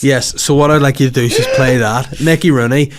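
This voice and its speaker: A man trades jokes in loose, rambling podcast chat. His voice sits in an ordinary middle pitch and his manner is teasing and offhand. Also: steady tone, brisk. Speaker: podcast host. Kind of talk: casual podcast banter.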